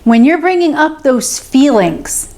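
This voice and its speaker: Woman, fairly high voice, self-help host, encouraging, repeats phrases, checks in with the viewer. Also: animated, measured pace, darkish tone. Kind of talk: teaching to camera, answering a viewer.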